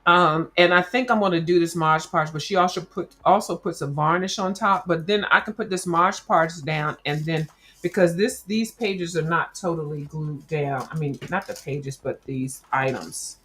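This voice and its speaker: A woman chats loosely with her viewers while she works on a craft project. Her voice sits a little low, and her talk is rambling and full of slang as she addresses everyone as y'all. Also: moderate pace, fairly bright tone. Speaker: crafting livestream host. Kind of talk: casual chat while crafting.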